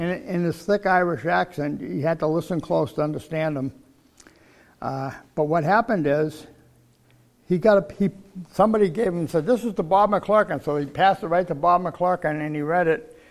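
An older man preaching a sermon, teaching from the Bible in a folksy, conversational way. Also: a little high.

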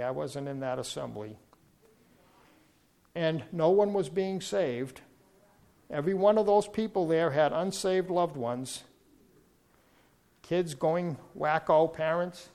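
A man's voice: on the high side, creaky, darkish tone. A man preaching a sermon, telling a story earnestly and rising to fervent emphasis.

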